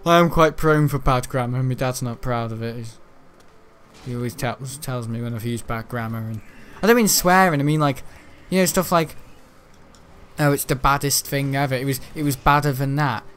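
In his rambling let's-play, the young man speaks in a smooth, mid-range, slightly bright voice at a normal pace. He meanders chattily, swears casually, and keeps restarting what he's saying.

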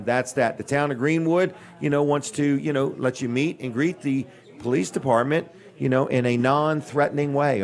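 An older man hosting a live radio and TV show from a busy restaurant, rambling casually between giveaways and sponsor plugs with dry jokes. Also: a little high. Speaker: host. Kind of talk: live on-location radio and TV talk.

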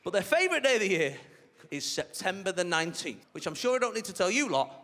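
A man's voice: high voice, sing-song, fast talker, a bit bright. A man doing a stand-up comedy set on a theatre stage, chatty and cheeky as he tells stories to the crowd. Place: large theatre stage with a laughing audience. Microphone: stage microphone. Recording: live hall reverb with crowd noise.

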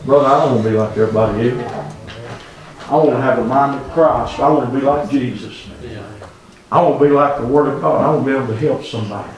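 A man preaching a revival sermon, swinging from hushed tones to near-shouting. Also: medium pitch, quick pace, distant mic. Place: church sanctuary. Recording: very echoey church room.

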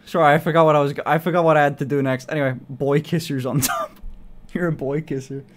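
A man's voice: on the high side, steady tone, fast. A young man streaming, chatting casually in a playful, swearing way and laughing often. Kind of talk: casual livestream chat.

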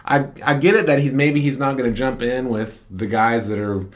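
A man co-hosting a relaxed boxing talk show, voice sitting at an ordinary middle pitch. He argues his opinions emphatically and slips in quick asides as he goes. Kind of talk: casual chat.

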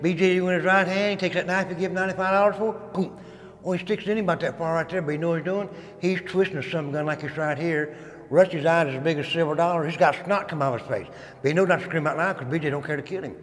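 Speaking fast with a steady tone and a slightly high voice, a former inmate guides listeners through an old prison. He spins dramatic, folksy tales, calls everyone guys, and his words echo long through the stone hall.

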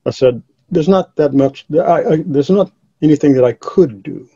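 An older man slowly recalling a story in a documentary interview, in a measured way with hesitant restarts. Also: fairly high pitch, mellow, breathy edge, no room sound, lo-fi sound.

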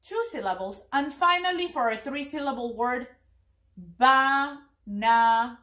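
Bright high-voiced woman teacher. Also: lively intonation, roomy sound. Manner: slow, clear demonstration of words; cheerful and encouraging. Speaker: preschool teacher. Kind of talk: virtual family event lesson.

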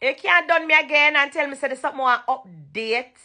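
A young woman with a Jamaican accent talks to her fans over a phone live stream from her bedroom at night. Her voice sits a little high and sounds bright and forceful. She stresses each point by saying it again and again and slips freely into patois. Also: fairly quick. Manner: emphatic, repetitive, switches into patois. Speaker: dancehall singer thanking fans on a live stream. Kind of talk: casual live-stream chat.

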